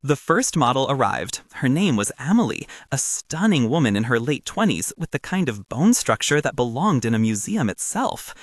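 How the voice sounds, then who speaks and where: A man narrating a first-person story with animated, dramatic emphasis. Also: medium pitch, normal speed, hardly any pauses, no room sound, clean studio sound.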